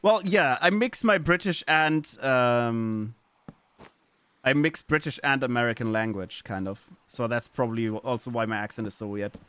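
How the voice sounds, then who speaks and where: A man's voice: medium pitch, normal speed, fairly bright tone, clear, resonant tone, no room sound. A man from Germany with a German accent, chatting casually with his live-stream audience, playful and swearing freely as he riffs on chat messages.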